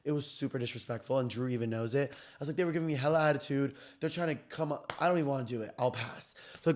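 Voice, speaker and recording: A young man hosting his own podcast, telling a story in an animated, slangy, gossipy way, often jumping between loud and soft. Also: mid-range voice. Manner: animated, slangy and gossipy, with quick swings in loudness. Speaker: podcast host. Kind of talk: casual storytelling chat.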